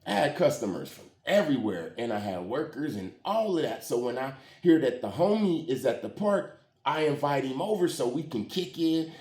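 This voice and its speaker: Man, casual storyteller, slangy street talk, animated pitch, echoey room. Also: normal speed. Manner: slangy street talk with frequent "you hear what I'm saying". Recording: roomy echo.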